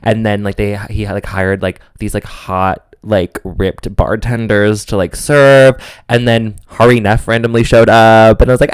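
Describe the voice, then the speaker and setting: A man's voice: fairly low pitch, measured pace, few pauses, clean tone, no echo, studio quality. Campy young man telling a story. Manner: animated, campy storytelling with quoted voices. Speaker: podcast co-host. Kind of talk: casual chat, storytelling.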